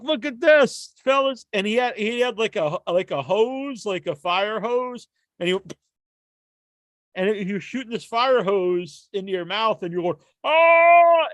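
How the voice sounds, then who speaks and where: A man co-hosting a podcast in casual chat, an animated storyteller who laughs often and acts out sounds. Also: high-pitched, no room sound, clean studio sound. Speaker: podcast co-host.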